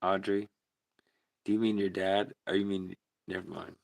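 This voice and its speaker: This man's low voice has vocal fry, a level tone and a moderate pace. Hosting a casual livestream, he reads comments and talks easily with viewers, laughing frequently.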